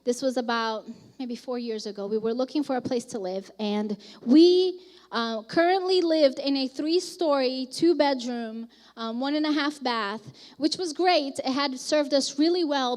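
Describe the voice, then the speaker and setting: Woman pastor, thirties, high voice, conversational sermon, long hall reverb. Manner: conversational storytelling, animated and candid. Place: large church hall, live.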